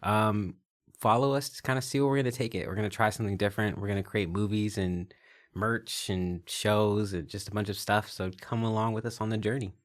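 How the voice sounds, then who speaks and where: A young man from the San Francisco Bay Area, a musician guest in a casual podcast chat, easygoing and quick to laugh. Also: fairly low pitch, fairly even intonation. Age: young adult.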